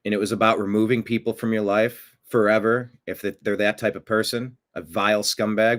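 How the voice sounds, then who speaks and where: A man hosting a profane political rant, swinging from low mutters to loud outbursts. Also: level tone, a little fast, hardly any pauses. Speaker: political commentary host.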